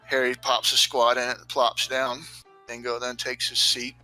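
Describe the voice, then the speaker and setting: A man's voice: medium pitch, monotone, normal speed, bright, forceful tone, clean tone, soft background music. A man narrating a tabletop game as game master, loose and rambling with many fillers.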